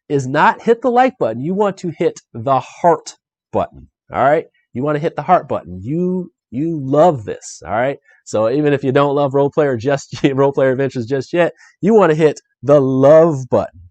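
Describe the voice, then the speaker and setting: An excitable man hosts a live solo board game playthrough and talks straight to his viewers. His pitch swings widely from phrase to phrase. The sound is dry and close, with no room echo. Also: moderate pace. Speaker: board game show host.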